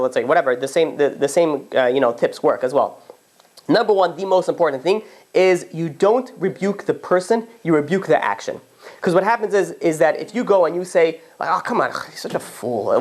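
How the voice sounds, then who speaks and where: A male rabbi teaching an informal class, telling stories with animation and acting out conversations as he goes. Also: fairly high pitch. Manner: animated storyteller, acts out dialogue, frequent restarts. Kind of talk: informal Torah class with storytelling.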